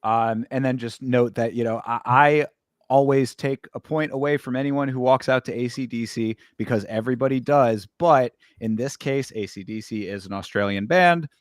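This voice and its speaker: A man with an average-pitched voice chats about fights in an easygoing manner, leaning on "you know" and "I mean." His voice sounds close and dry, with no room around it. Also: normal speed, dry recording. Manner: easygoing, filler-heavy. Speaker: podcast co-host. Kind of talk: casual sports chat.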